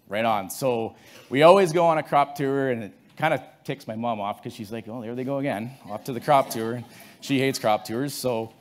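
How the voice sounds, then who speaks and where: Conversational man giving a conference talk. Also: medium pitch. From Canada. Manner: conversational storytelling, many restarts. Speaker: conference speaker. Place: conference room.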